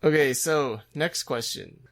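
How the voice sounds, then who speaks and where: Very low-voiced woman, laughing often. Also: measured pace, faint music behind. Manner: laughs often, short replies. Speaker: podcast co-host. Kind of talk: casual chat.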